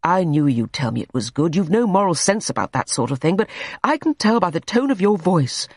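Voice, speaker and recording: Narrator doing a male painter, quick-tempered, exasperated, swooping pitch, dry close sound. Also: sing-song, no room sound, exaggerated voice. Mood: furious. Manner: sharp, exasperated outbursts. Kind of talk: audiobook character reading.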